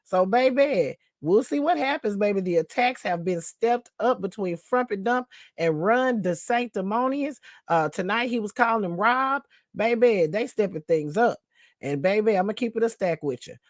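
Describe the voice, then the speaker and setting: A woman's voice: medium pitch, expressive, normal speed, no echo, studio quality. A woman hosting a sassy news commentary show, who calls her listeners baby and honey, repeats a catchphrase and laughs between remarks.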